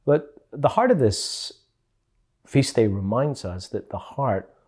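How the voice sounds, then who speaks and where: A man's voice: medium pitch, sing-song, slow pace, darkish tone, husky. A man with a Scottish accent, a parish priest giving a casual, homely spoken reflection with playful asides. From Scotland.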